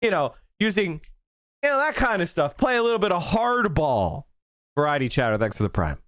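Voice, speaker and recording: A male political commentator from Pennsylvania ranting on a live stream, heated and profane, often breaking into shouts. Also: on the high side, expressive, brisk, no room sound, clean studio sound.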